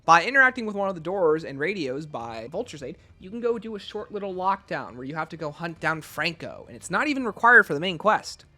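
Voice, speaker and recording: Male game reviewer, unscripted, rambling, very bright and slightly high voice. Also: big pitch swings, fairly quick, few pauses. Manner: casual, rambling, frequent restarts.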